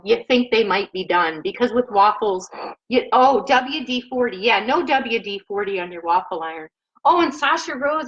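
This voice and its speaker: A woman's voice: a little high, a bit bright, highs cut off. Chatty woman hosting a home cooking stream. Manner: rambling, chatty, laughs often. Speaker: home cooking show host. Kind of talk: casual live cooking chat. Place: home kitchen. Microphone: laptop mic.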